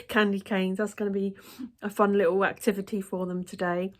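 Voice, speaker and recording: A woman's voice: mid-range voice, level tone, normal speed. Chatty woman vlogging at home. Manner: chatty, self-deprecating, giggly. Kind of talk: casual chat to camera.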